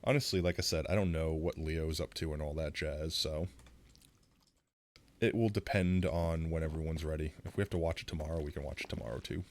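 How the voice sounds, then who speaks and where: A man with a rumbling low voice talks briskly on a live stream, playing with a sore throat and speaking close to the mic. His chatter is rambling and self-deprecating, punctuated by loud reactions.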